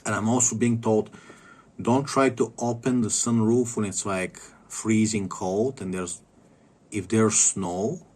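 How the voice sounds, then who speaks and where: A man chatting casually about car upkeep, rambling with halting restarts and casual swearing. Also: on the low side, fairly even intonation, darkish tone. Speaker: streamer giving car tips. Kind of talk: casual chat.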